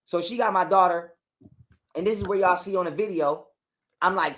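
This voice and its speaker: A man telling a long story in a casual interview, animated and full of cursing and repetition. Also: high-pitched, fairly quick. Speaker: guest telling his story.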